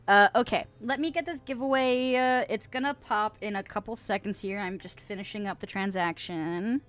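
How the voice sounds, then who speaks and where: A woman's voice: mid-range voice, moderate pace, a bit bright. A woman in her twenties streaming a game, chatting casually and swearing with her viewers. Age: 20s. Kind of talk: casual gaming stream chat.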